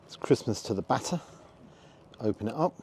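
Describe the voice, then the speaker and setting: A man's voice: medium pitch, lively intonation, normal speed, a little mellow, slight background noise. A man giving a frank, disappointed running commentary as he tastes food outdoors for his review vlog.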